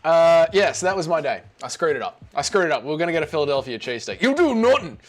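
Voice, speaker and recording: A man's voice: on the high side, very fast, slight background noise. Rambling Australian man streaming live. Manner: rambling, chatty, greets viewers by name. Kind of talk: casual live stream chat.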